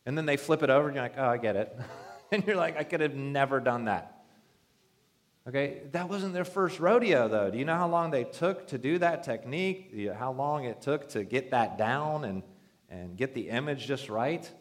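A man's voice: mid-range voice, lively intonation, normal speed. A male pastor preaching a sermon in a conversational, joking way, acting out quoted voices.

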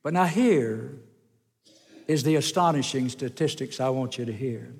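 A man's voice: measured pace, vocal fry, breathy edge. A man preaching a sermon, telling folksy stories and swinging his voice up and down. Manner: folksy storytelling with wide swings in pitch and loudness. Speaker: pastor. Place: church sanctuary. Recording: long church hall reverb.

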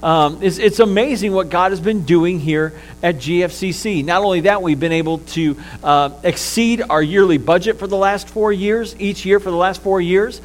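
A man's voice: high-pitched, normal speed, hardly any pauses, poor audio. A man preaching a sermon as pastor, in a conversational style with frequent fillers and restarts.

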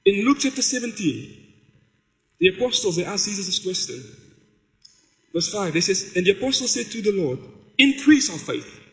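High-voiced man preaching in a hall. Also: sing-song, normal speed, long pauses, fairly bright tone. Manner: storytelling, conversational preaching with quoted dialogue. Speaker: pastor. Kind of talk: sermon.

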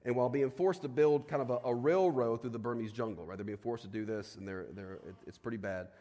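A man preaching a sermon in a conversational way, often asking "right?", and dropping to a quiet, slow voice for solemn points. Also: medium pitch. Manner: conversational preaching with frequent tag questions. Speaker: pastor. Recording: long hall reverb.

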